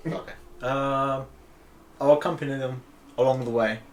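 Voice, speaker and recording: A man playing a tabletop game in character, trading dry, deadpan quips. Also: medium pitch, moderate pace, reverberant. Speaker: player.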